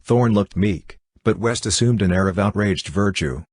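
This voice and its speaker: A man narrates an old novel in a deep, husky voice. His reading is even and measured, with the dialogue voiced only lightly. The recording is dry and close. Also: dry recording. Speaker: audiobook narrator. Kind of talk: scripted narration.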